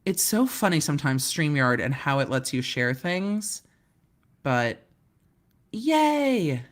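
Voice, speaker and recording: Low-pitched and sing-song, this woman speaks slowly as she chats on a live stream from her hotel room. She's a legal commentator who laughs a lot and pokes fun at her own blunders in a chatty, self-deprecating way.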